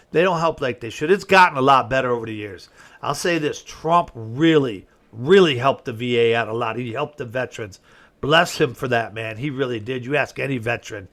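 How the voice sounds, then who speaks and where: A man's voice: on the high side, a bit bright. A middle-aged man hosting a talk show, giving a rambling, folksy opinion monologue that flares up when he gets indignant. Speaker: host.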